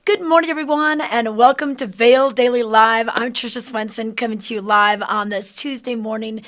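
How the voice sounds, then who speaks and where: A woman's voice: on the high side, steady tone, normal speed, a bit bright. A woman hosting a live morning show from a studio, chatty and upbeat as she runs through what's coming up. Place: studio newsroom.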